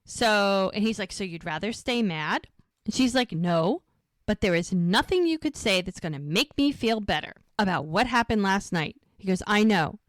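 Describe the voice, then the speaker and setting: A woman's voice: mid-range voice, lively intonation, normal speed, dry recording, clean studio sound. A woman co-hosting a casual rewatch podcast, recapping episode scenes and acting out the dialogue. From United States. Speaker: podcast co-host.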